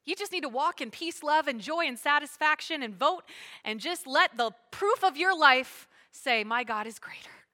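A woman pastor preaching a sermon, swinging between loud emphatic lines and hushed asides. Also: high voice, animated, fairly quick.

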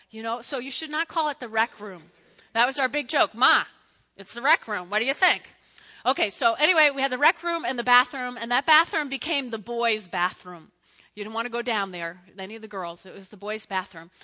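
A middle-aged woman gives a chatty sermon full of family stories, her voice high and bright. She talks straight to her listeners, asks them questions and keeps an animated, storytelling flow. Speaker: preacher. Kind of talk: conversational sermon with personal stories.

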